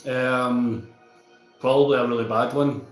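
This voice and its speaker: A man's voice: medium pitch, steady tone, measured pace, reverberant, faint music behind, low-quality recording. A Scottish man chatting casually with viewers on a livestream, reading out and answering their comments.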